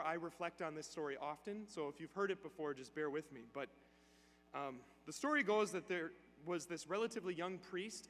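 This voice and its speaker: A male priest giving a sermon in a church, telling a story in a conversational, animated way. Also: high-pitched. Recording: long church reverb, faint hum.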